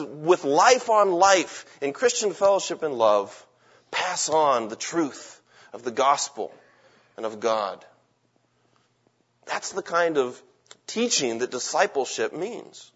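Husky preaching man, dull recording. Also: a little high. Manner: emphatic preaching with rhetorical questions. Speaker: pastor. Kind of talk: sermon.

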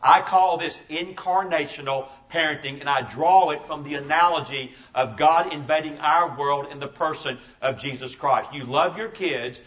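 A man's voice: a little high, moderate pace, few pauses, a bit bright, far from the mic. A man in his fifties preaching a sermon as a pastor, telling stories emphatically and repeating his key phrases. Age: 50s. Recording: dull lo-fi sermon recording.

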